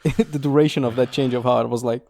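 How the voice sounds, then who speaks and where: A man's voice: mid-range voice, fairly even intonation, fast talker, gravelly, darkish tone. A man co-hosting a podcast, chatting casually with amused, laughing asides. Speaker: podcast co-host.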